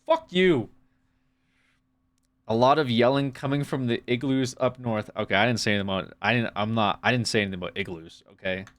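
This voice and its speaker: A man's voice: medium pitch, steady tone, quick pace, hardly any pauses, fairly bright tone. Sarcastic foul-mouthed male streamer. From United States. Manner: sarcastic, profane, rambling rants at chat. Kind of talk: live stream reaction chat.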